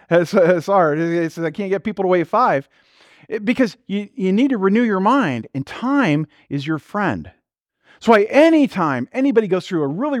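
A man's voice: a little high, no room sound. A man preaching a sermon as pastor, in a conversational style full of rhetorical questions and acted-out quotes.

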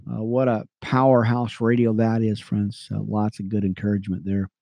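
A man teaching the Bible on radio, reading verses aloud between excited, chatty asides to his listeners. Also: lowish voice, normal speed, vocal fry, dry recording. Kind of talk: reading scripture with commentary.

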